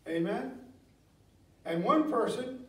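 A middle-aged pastor with a voice high for a man preaches a sermon in a church sanctuary, speaking slowly and with animation. He tells homely, folksy stories and builds to emphatic exhortation to drive his points home. The sound is roomy and echoing, picked up some distance from the mic.

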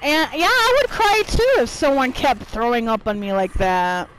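A woman's voice: on the high side, expressive, normal speed, fairly bright tone, low-quality recording. A woman giving profane, irritated live commentary while playing a video game, trash-talking her opponents. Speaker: gameplay streamer.

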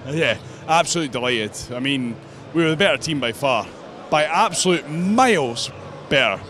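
A man's voice: a little high, lively intonation, normal speed, fairly bright tone, a little hiss or hum. A gleeful male rugby fan swearing happily outdoors after a win. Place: outdoors outside a stadium.

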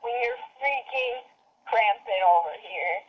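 A woman's voice: medium pitch, expressive, measured pace, husky. A young teenage girl playing along in a gaming video, bantering goofily and cracking corny jokes. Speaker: co-player. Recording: dull lo-fi recording.

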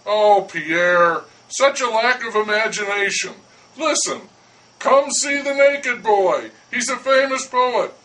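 A man's voice: high-pitched, slow, bright, forceful tone, far from the mic, pitched above the performer's own voice, exaggerated voice, rough recording. A man voicing a condescending poet who coolly talks down to a baker. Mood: patronizing. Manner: smooth, patronizing, persuasive. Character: languid condescending male poet.

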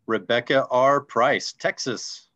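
A man co-hosting a casual online call, reading names in a relaxed, friendly, joking way. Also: mid-range voice, slow pace, lo-fi sound. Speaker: co-host.

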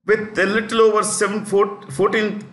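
A man lectures on current affairs, pausing to repeat names and numbers for students taking notes. His voice sits a little high for a man. The room around him gives a noticeable echo. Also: level tone, fairly bright tone. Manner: repeats key facts slowly for note-taking. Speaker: teacher. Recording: echoey room.

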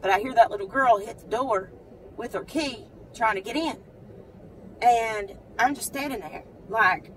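In this casual vlog, a woman at a moderate pace tells the camera a story from her car outside a credit union, animatedly acting out others' lines in a high voice. She's a mother, and the audio is poor, recorded from a distance with slight background noise.

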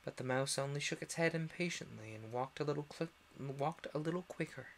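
A man's voice: a little high, fairly quick, gravelly, a little hiss or hum. Young man reading a storybook aloud. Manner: expressive reading, voices the characters.

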